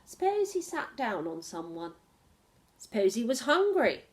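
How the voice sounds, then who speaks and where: A woman's voice: on the high side, very animated, a little slow. A woman voicing a fussy, worried male town mayor in a storybook, fretful and officious.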